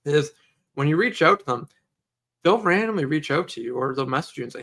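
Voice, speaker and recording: A man's voice: on the high side, a little fast. A man co-hosting a podcast, chatting casually and telling stories that act out conversations with customers. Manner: animated storyteller, acts out customer dialogue. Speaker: podcast co-host. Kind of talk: casual chat.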